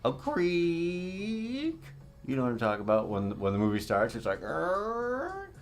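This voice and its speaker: A man's voice: fairly low pitch, level tone, soft background music. Rambling male recovery show host. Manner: rambling, playful, greets viewers by name; swings between fast chatter and slow dramatic delivery. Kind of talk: casual livestream talk.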